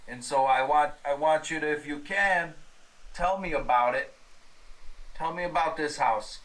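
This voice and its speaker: A man doing an earnest, stammering investigator in a horror tabletop game. His voice sits a little higher than most men's. He halts and restarts as he pleads his case. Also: measured pace, fairly bright tone, poor audio. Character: earnest male paranormal investigator on the phone. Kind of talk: horror tabletop role-play.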